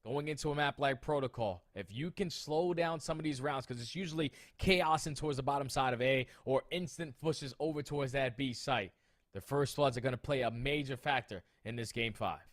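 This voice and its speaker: Male esports co-caster, emphatic and excitable, casual slang, mid-range pitch. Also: fairly quick.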